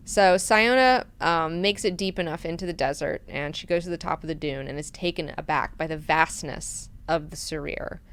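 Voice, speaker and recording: A woman hosting a book club, casually recapping chapters in an animated, chatty way with plenty of swearing. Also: low voice, moderate pace, few pauses, clear, resonant tone. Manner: animated, profane, chatty retelling.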